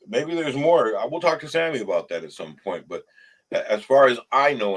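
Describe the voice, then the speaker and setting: A man with a low, husky voice holds forth in casual recovery talk. He is earnest and repeats himself as he works out his point, and his voice jumps up when he gets worked up. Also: rough recording. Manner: earnest, stumbling restarts, rises sharply when animated. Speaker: show host. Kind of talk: casual recovery group chat.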